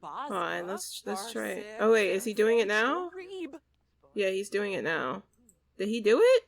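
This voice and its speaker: A woman's voice: mid-range voice, sing-song, measured pace, vocal fry. A young adult woman hosting a life-sim gaming video in casual let's-play commentary, rambling, laughing often and getting sentimental as she talks. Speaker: gaming channel host.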